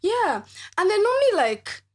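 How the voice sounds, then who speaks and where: A woman's voice: extremely high pitch, sing-song, normal speed. A young woman guest on a podcast, chatting casually and animatedly, laughing often and restarting her sentences. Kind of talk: casual chat.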